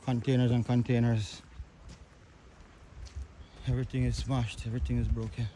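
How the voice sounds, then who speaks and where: A man's voice: medium pitch, flat delivery, moderate pace, warm tone, a little hiss or hum. A man walking through a storm-wrecked truck yard outdoors, filming on a phone and narrating the damage in grief-stricken exclamations, often repeating himself. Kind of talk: handheld walkthrough narration.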